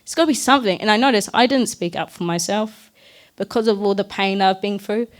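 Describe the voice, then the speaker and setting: A woman's voice: mid-range voice, moderate pace. A young woman, telling her personal story at a community talk in a candid, earnest, loosely chatty way. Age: young adult.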